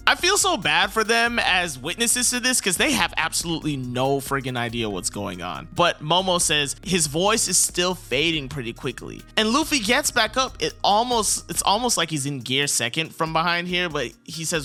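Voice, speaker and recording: A man casually recapping and reviewing a manga chapter, animated and incredulous, laughing often, with background music. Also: fairly high pitch, moderate pace, hardly any pauses.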